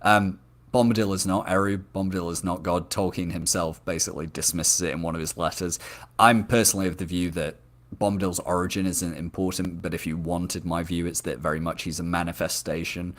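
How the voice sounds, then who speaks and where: A man's voice: low voice, fairly even intonation, a little fast. A man hosting a live discussion show, chatting enthusiastically and reading out viewer comments, with frequent ums and restarts. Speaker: show host.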